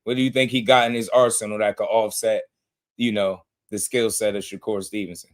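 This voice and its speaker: Excitable guy, hyping up a boxing fight live, loud then mumbly, laughing a lot. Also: lowish voice, fairly quick. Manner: animated, laughing, swings from shouting to muttering. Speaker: boxing podcast host. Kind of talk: excited livestream boxing talk.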